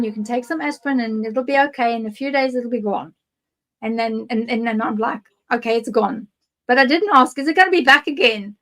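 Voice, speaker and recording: A woman's voice: a little high, fairly bright tone. A woman from South Africa with a South African accent, a guest psychic giving candid, rambling personal testimony in an interview.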